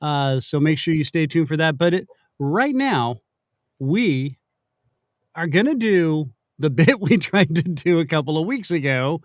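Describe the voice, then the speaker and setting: A man's voice: fairly high pitch, very animated, unhurried, no room sound, clean studio sound. A man hosting a casual live stream, joking and rambling with fillers. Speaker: show host. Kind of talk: casual livestream chat.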